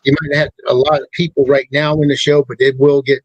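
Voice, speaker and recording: A man's voice: medium pitch, level tone, brisk, breathy edge, dry recording, highs cut off. A man, hosting a casual chat in a talkative way. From Southern United States. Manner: chatty, talks over guests. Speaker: host.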